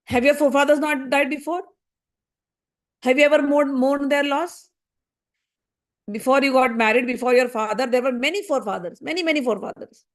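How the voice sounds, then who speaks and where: A woman's voice: high-pitched, brisk, pauses often, natural voice. A woman voicing a young sage's son who patiently explains and probes with rhetorical questions. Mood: probing. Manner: probing rhetorical questions, steady.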